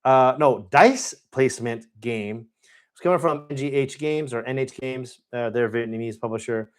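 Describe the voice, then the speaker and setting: A man's voice: mid-range voice, normal speed. A man hosting a live Q&A, chatting with enthusiasm and many fillers. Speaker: board game channel host. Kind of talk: live Q&A chat.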